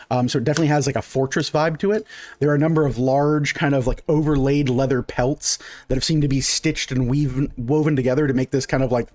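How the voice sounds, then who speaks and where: A man's voice: medium pitch, darkish tone. A man narrating as game master in a tabletop game, rambling with many fillers.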